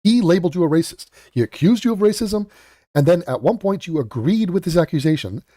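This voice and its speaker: A man's voice: a little high, lively intonation, brisk, warm tone, dry recording, studio quality. A man hosting a reaction commentary, sarcastic and mocking, swearing and mimicking others. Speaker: commentary host.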